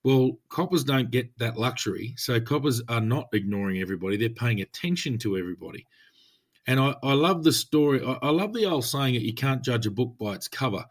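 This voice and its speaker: This is a middle-aged Australian man who talks in a laid-back, matter-of-fact way as a podcast co-host. His voice sits in an ordinary middle pitch. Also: expressive, brisk. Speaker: podcast co-host, former police officer. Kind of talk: casual podcast chat.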